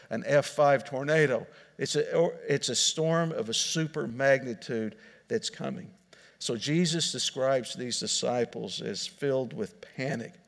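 A man's voice: medium pitch, vocal fry. A male pastor preaching a sermon in an earnest, explaining way, often restarting and repeating words. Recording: long hall reverb.

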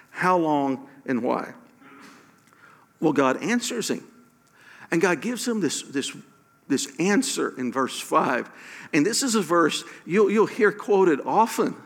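A man preaching a sermon as pastor, animated, acting out quoted prayers with emphatic questions. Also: on the high side, a little slow, big-room sound.

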